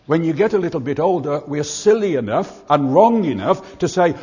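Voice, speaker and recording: A man's voice: fairly high pitch, expressive, brisk, hardly any pauses, mellow, husky. An older man preaching a sermon in an earnest, emphatic way, repeating his points. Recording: muffled hall recording with long reverb.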